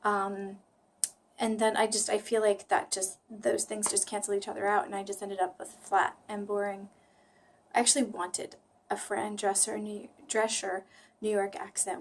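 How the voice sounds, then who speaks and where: A woman with a flat General American accent, rambling chattily to camera in a self-deprecating way and sometimes dropping into a whisper. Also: medium pitch, normal speed, a little hiss or hum. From United States. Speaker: language-learning vlogger. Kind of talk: casual talk to camera.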